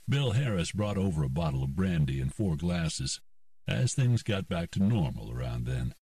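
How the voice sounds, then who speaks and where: Deep male audiobook narrator, slow and expressive, dry slightly distant recording. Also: dry recording. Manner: steady, unhurried storytelling. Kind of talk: scripted narration.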